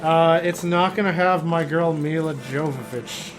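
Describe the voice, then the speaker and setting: A man's voice: a little high, unhurried, background noise. A man streaming and chatting casually, rambling and interrupting himself while he talks. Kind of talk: casual chat while gaming.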